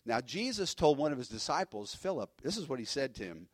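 A man who is a pastor, preaching a sermon in an emphatic, animated way with frequent restarts. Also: medium pitch, brisk, hardly any pauses, no room sound.

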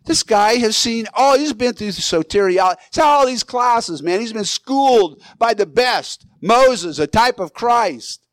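A male pastor preaching a sermon, animated, acting out Bible figures in quick asides. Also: very high-pitched, no room sound.

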